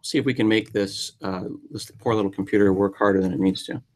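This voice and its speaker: A man's voice: lowish voice, fairly even intonation, fast talker. A man hosting a casual live-stream chat, joking and rambling in a self-deprecating way. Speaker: host.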